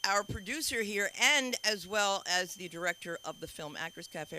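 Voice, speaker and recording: Bright-voiced rambling woman comedy host. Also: fairly low pitch, steady tone, normal speed, hardly any pauses, a little hiss or hum, low-quality recording. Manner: rambling, self-interrupting storytelling. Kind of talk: stand-up emcee banter.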